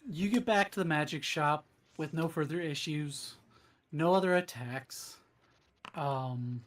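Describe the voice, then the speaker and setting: Slow-paced woman game master. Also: sits low. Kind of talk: narrating a tabletop game.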